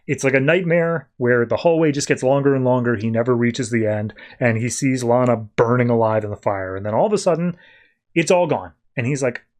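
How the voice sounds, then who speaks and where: A man hosting a podcast, casually recapping a comic issue at a middling pitch. He tells the story in an animated way and drops into brief voiced quotes of the characters as he goes. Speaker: podcast host.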